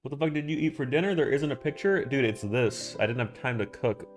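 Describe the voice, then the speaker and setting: A man's voice: medium pitch, lively intonation, a little fast, soft background music. A man streaming live, chatting casually and rambling, swearing often and answering his chat. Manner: rambling, profane, talking back to chat.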